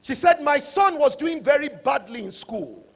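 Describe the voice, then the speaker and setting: A man's voice: very high voice, moderate pace, vocal fry. A middle-aged man gives a motivational conference speech, telling a story and acting out the dialogue. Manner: animated, acts out dialogue in stories. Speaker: conference speaker.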